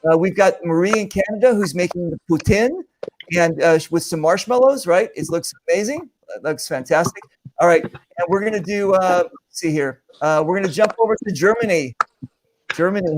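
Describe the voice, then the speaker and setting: A man's voice: high voice, fairly quick, slight background noise. A man hosting a casual video call cooking chat, upbeat and chatty, often repeating himself. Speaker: host.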